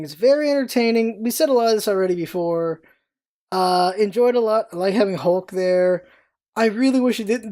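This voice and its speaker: A young woman casually reviewing a movie on her vlog, chatty and excitable, rambling with restarts and quick character impressions. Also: medium pitch.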